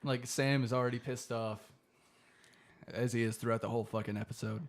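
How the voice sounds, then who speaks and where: A man's voice: medium pitch, fairly even intonation, fairly quick, a little hiss or hum. Laughing, rambling young man recapping a show. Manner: rambling, laughing, swearing freely. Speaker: podcast co-host. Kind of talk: casual chat, recapping an episode.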